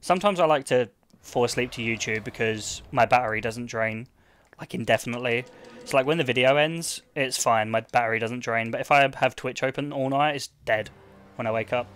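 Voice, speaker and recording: A man's voice: medium pitch, fairly quick, a bit bright, clear, resonant tone. A young man chatting offhand to his stream while gaming, rambling and swearing, full of "like.". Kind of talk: casual livestream chat while gaming.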